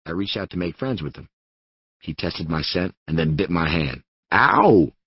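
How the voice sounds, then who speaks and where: A man with an extremely deep, husky voice narrates a first-person crime story in a measured, wry way. The recording is dry and close, with a slightly muffled top end. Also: dry recording. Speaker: audiobook narrator. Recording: slightly dull, dry studio audiobook recording.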